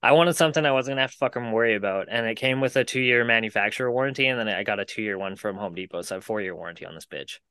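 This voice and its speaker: A man on a podcast tells a rambling story among friends, swearing freely and laughing through it. His voice is bright and crisp. The sound is dry and close, with filler words throughout. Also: lowish voice, racing, few pauses, no echo. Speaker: podcast co-host.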